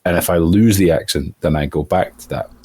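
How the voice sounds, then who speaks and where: A man's voice: low voice, a little fast, darkish tone, breathy edge, no room sound. A man who works as a voice actor, explaining his craft thoughtfully in a casual interview.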